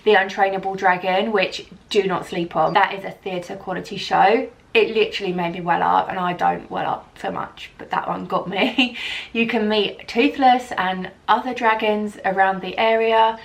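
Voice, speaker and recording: A woman chats straight to camera in a travel vlog. Her delivery is gushing and excitable, tumbling into repeated superlatives as her enthusiasm builds. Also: mid-range voice, moderate pace, creaky. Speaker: vlogger.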